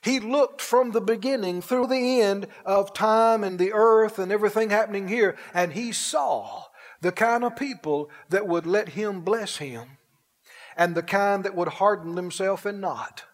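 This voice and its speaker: High-voiced, exuberant male preacher. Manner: exuberant, breaks into laughter and shouted exclamations; drawn-out, emphatic phrasing. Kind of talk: sermon.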